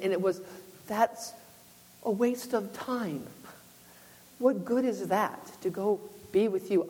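A woman's voice: mid-range voice, warm tone. A woman giving a conversational sermon, telling her own story earnestly with many restarts. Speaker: speaker sharing a testimony. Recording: long hall reverb.

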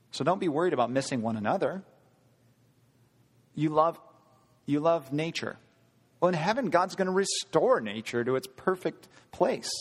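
A man preaching a sermon, earnest, asking the congregation rhetorical questions and slowing down for emphasis. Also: a little high, slightly rough, long reverb tail. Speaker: pastor.

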